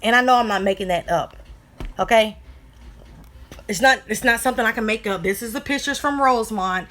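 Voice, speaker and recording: Talking straight to her viewers as "y'all," a female vlogger delivers casual commentary to camera in a brisk, high-ish voice with a fairly bright tone. She's irritated and blunt, pointing things out and swearing freely.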